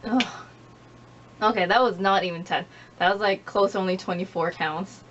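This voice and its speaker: A woman's voice: medium pitch, steady tone, fairly quick, fairly bright tone. A young woman rambling casually to camera in a home vlog, apologetic and self-deprecating. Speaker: YouTuber. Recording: dull lo-fi home recording with faint hiss.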